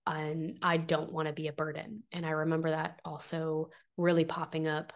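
A woman's voice: deep voice, level tone, normal speed, lo-fi sound. A young adult woman hosting a podcast, talking in an earnest, heartfelt personal monologue, emotional and close to tears, with many fillers and restarts. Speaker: podcast host.

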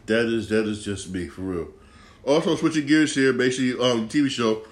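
A man's voice: medium pitch, expressive, brisk. A man hosting a casual solo podcast, rambling and repeating himself, with slangy, profane talk. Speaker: podcast host.

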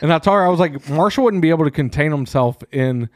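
A man co-hosting a podcast, telling a profane, animated story in casual chat. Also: on the high side, quick pace, dry recording, clean studio sound. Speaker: podcast co-host. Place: small room.

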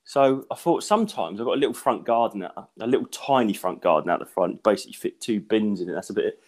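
A man's voice: lowish voice, expressive, quick pace, a little mellow. A man, a stand-up comedian, telling a story in a rambling way, short of breath and coughing, full of restarts and giggles. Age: adult with young kids. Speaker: stand-up comedian and podcast host. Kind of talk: casual storytelling chat.

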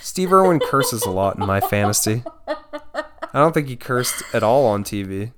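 A man's voice: on the low side, lively intonation, measured pace, crowd noise. A man co-hosting a podcast, joking around in casual, profane banter. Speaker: podcast co-host. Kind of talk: casual chat.

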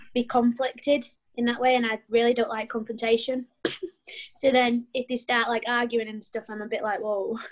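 A young woman rugby player in an interview, soft-spoken and a little shy, answering hesitantly. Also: fairly high pitch, poor audio. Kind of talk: interview conversation.

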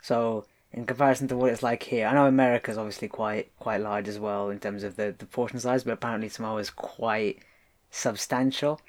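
A man's voice: lowish voice, fairly even intonation, fairly quick. Rambling man, casual podcast. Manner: rambling, hedges with many fillers. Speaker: podcast co-host. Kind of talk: casual chat.

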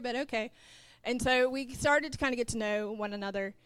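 In a dry recording, a middle-aged woman preaches at the pulpit, her fairly high, smooth voice rushing along with hardly a pause. As a pastor's wife, she relates a personal story, plays out the dialogue, and speaks directly to those in the pews.

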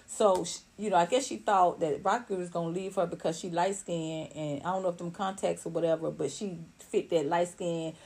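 A woman giving blunt, animated celebrity gossip commentary on her own channel. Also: fairly low pitch, moderate pace, hardly any pauses. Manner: animated, blunt, rising to heated outbursts. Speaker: commentary vlogger.

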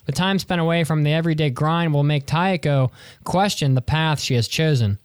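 A man's voice: fairly high pitch, normal speed, smooth, no echo. A man co-hosting a casual podcast, joking around and restarting sentences. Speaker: podcast co-host.

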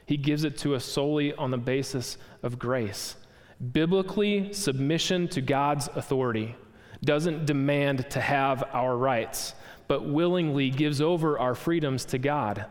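A man preaching a sermon, earnest, posing rhetorical questions to the congregation. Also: medium pitch. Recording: long hall reverb.

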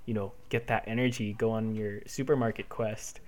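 A man's voice: on the low side, flat delivery, moderate pace, crowd noise. A man as a podcast guest, chatting casually and often restarting his sentences. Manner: hesitant, restarts often, laid-back. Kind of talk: casual chat.

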